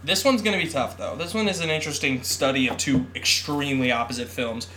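A man's voice: mid-range voice, quick pace, bright, forceful tone, slight background noise. A man co-hosting a casual podcast, agreeable and announcing matchups. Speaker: podcast co-host. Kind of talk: casual chat.

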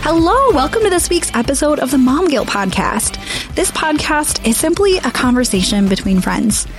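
A woman's voice: sits high, big pitch swings, moderate pace, soft background music. A woman in her thirties co-hosting a podcast, talking earnestly and openly in casual chat and laughing easily. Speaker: podcast co-host.

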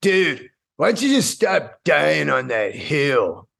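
A man's voice: on the high side, big pitch swings, slow, vocal fry, fairly bright tone, full character voice. A man putting on the voice of a snide, dismissive online commenter, drawling and sneering. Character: snide dismissive adult male internet commenter.

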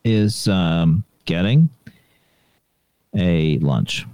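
Dry wry guy co-hosting talk radio, low-key dark voice, super dry studio sound. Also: expressive, no echo. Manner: dry, wry, deliberate quips. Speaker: radio co-host.

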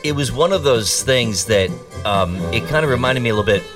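A man's voice: medium pitch, animated, fairly quick, recorded from a distance, music in the background. A man hosting a talk show and giving opinionated political commentary in a sarcastic, mocking, rambling way.

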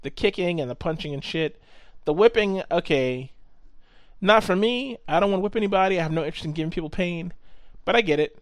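A man telling a story in casual chat, animated, swearing often and acting out what people said. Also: high-pitched, fairly quick, no echo.

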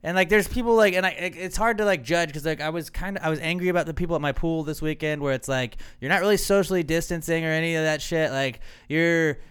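Young male podcast host, crisp clear tone, loose profane rambling banter. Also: a little high, fast talker, hardly any pauses, fairly bright tone. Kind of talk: casual podcast chat. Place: apartment home studio.

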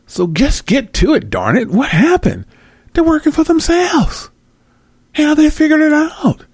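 High-pitched scheming official, swearing, griping, strained, a man putting him on, dry close sound. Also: big pitch swings, unhurried, a little mellow, no room sound, full character voice. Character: scheming, cursing male government official.

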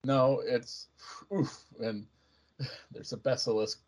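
A man's voice: medium pitch, fairly even intonation, slow, pauses often, a little mellow. A man co-hosting a casual podcast, chatting about trivia, on a muffled recording. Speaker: podcast co-host. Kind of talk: casual recap chat.

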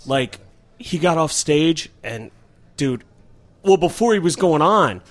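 A comedian from Cleveland, a man, telling stories in profane, animated casual podcast chat. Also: fairly high pitch, slow pace. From Cleveland, Ohio. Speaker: comedian guest.

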